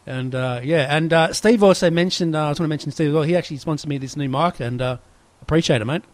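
Fast-talking Australian podcast host. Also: male voice, a little high, no room sound. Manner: chatty, laughs easily, says mate a lot. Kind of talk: casual chat.

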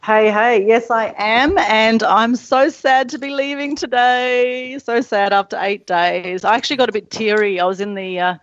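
A woman's voice: medium pitch, lo-fi sound. Effusive Australian woman hosting. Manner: effusive, chatty. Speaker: podcast host. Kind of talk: casual podcast chat. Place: holiday resort, remote call.

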